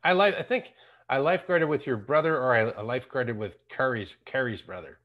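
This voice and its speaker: A man's voice: medium pitch, brisk. A man in his fifties hosting a podcast, chatting in a laid-back, slangy way and often restarting his sentences. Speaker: podcast host. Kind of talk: casual chat. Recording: dull lo-fi sound.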